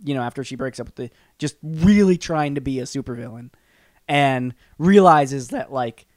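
A man co-hosting a podcast in casual chat, talking in a rambling, animated way with many fillers and restarts. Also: mid-range voice, moderate pace, no room sound, studio quality. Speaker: podcast co-host.

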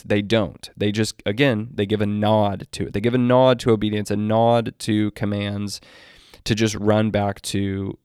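A man with a fairly low voice talks through a written article and reads long passages from it aloud. He often restarts a sentence mid-thought as he works out his point. The recording is dry and close, with no room sound. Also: a little mellow, no echo. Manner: deliberate, quotes text at length with restarts. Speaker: Christian commentator. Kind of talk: spoken commentary on an article.

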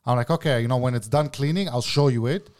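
A man's voice: mid-range voice, fast, a little mellow. A man in a casual podcast chat, swearing freely and acting out both sides of an argument. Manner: profane, heated storytelling. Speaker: guest telling a work story.

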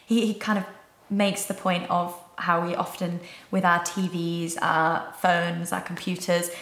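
A woman's voice: lowish voice, level tone, measured pace, fairly bright tone, echoey room. A woman co-hosting, chatting casually about listener entries and thinking aloud. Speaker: co-host.

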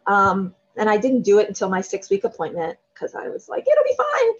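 A woman in her thirties, a guest telling a candid personal story in an interview, self-deprecating and animated when quoting others. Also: medium pitch, brisk, husky. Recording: dull lo-fi sound.

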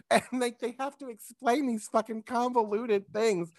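A man's voice: extremely high pitch, fairly even intonation, unhurried, a little mellow, no room sound, clean studio sound. A man co-hosting a podcast in casual comedic chat, ranting profanely and mimicking people in funny voices. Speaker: podcast co-host.

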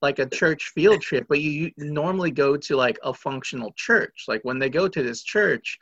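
A man's voice: a little high, normal speed, a bit bright, breathy edge, lo-fi sound. A man co-hosting a podcast, talking about a film in a laid-back conversational way with lots of filler words. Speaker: podcast co-host. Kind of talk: casual podcast film discussion.

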